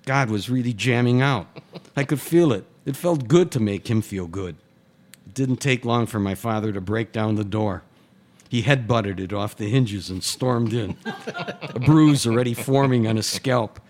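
A man, a writer, reading his own first-person short story aloud in a steady, matter-of-fact way. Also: medium pitch, unhurried.

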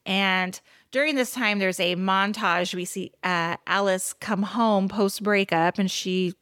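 A woman's voice: medium pitch, fairly even intonation, slow pace, fairly bright tone, smooth, no room sound, clean studio sound. A woman co-hosting a podcast, recapping a TV episode in casual chat with blunt, exasperated asides. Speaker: podcast co-host.

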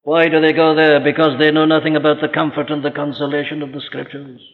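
A man preaches a sermon in a fairly high voice, firm and emphatic, asking rhetorical questions and slowing down when he quotes scripture. His words ring out with a long hall reverb. The old recording sounds dull and muffled. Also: little pitch movement.

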